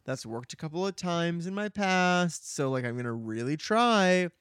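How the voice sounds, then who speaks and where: A man's voice: on the high side, expressive, normal speed, a bit bright, clear, resonant tone, no echo, clean studio sound. A man voicing a scheming male gnome general in a loose, casual way, full of "like". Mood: grumbling. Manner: casual, peppered with "like".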